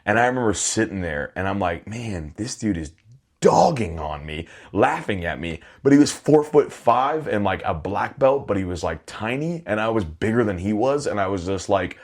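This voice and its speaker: A man's voice: fairly low pitch, very animated, normal speed, hardly any pauses. A man co-hosting a podcast, telling funny stories in casual chat, acting out quotes and laughing often. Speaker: podcast co-host.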